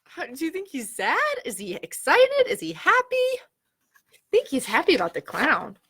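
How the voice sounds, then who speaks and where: Animated woman reading aloud at story time. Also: sits high, moderate pace, vocal fry. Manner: animated, gasping, asks the children questions. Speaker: children's librarian.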